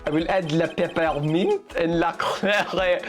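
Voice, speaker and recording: A woman's voice: lowish voice, soft background music. A woman voicing a flamboyant male restaurant owner with a put-on French accent, theatrical and flirty, reading a video game's lines. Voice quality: theatrical, flirty, drawn-out vowels.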